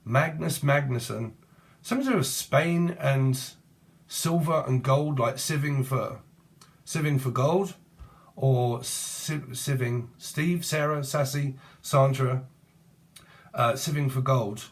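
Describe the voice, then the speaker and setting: A man's voice: medium pitch, slow. A man giving a rambling tarot reading, free-associating between word plays and names in a casual, slangy way. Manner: casual, swears and uses slang. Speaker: tarot reader.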